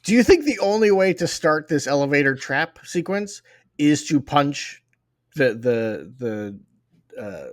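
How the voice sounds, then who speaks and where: A man's voice: fairly high pitch, big pitch swings, takes it slowly. A man co-hosting a casual podcast who keeps insisting he is right by pointing to his notes. His voice is recorded dry, with no room echo. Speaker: podcast co-host. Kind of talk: casual review chat.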